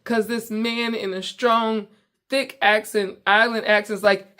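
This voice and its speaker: With a smooth voice on the high side and a slightly slow pace, the American comedy host relates a story in animated, casual chat from her basement at home, breaking off mid-sentence often.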